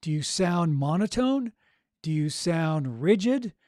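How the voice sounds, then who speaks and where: A man's voice: a little high, lively intonation, slow, darkish tone, dry recording, studio quality. A man coaching audiobook narration on a podcast, encouraging and keeps checking in with "right?" and "okay?". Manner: encouraging, repeats "right?" and "okay?", demonstrates vocal exercises.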